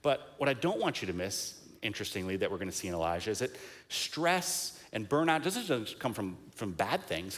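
A man's voice: on the low side, lively intonation, brisk. Casual joking male preacher. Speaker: pastor. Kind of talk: sermon.

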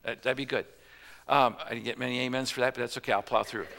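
A man's voice: mid-range voice, steady tone, fast, vocal fry, pushed and bright. A man preaching a sermon in a conversational way, joking and asking the congregation questions. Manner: conversational with jokes and rhetorical questions. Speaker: pastor. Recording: reverberant church hall.

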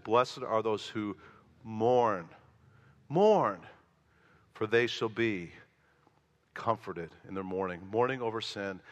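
Male preacher, animated delivery, bright tone, reverberant hall. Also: mid-range voice. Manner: animated storytelling, rising loud for emphasis, quiet in prayer. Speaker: pastor. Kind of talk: sermon.

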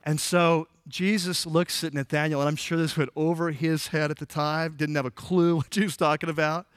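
A man gives a casual, humorous sermon, chatting through the text and slipping into the voices of the characters. His voice sits a little high for a man. The sound is dry and close, with no room echo. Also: steady tone, moderate pace, smooth. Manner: conversational, jokey, acts out quoted lines. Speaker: pastor.

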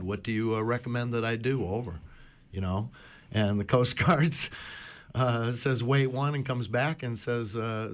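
A lower-pitched man recounts stories from the water on community radio. He rambles, circling back with uhs and you-knows. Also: normal speed. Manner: rambling anecdotes with many fillers. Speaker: boat talk show regular. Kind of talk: casual storytelling on community radio.

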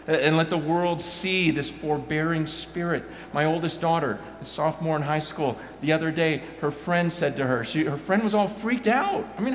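A man in his forties preaching a sermon, animated and stammering, climbing loud and high when excited. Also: reverberant, slight background noise. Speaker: pastor.

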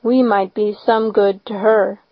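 A woman voicing a shy, gentle old farmer man who speaks slowly and haltingly. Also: medium pitch, steady tone, dry recording, lightly acted. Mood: hesitant. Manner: slow, halting, reluctant. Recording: slightly dull lo-fi recording.

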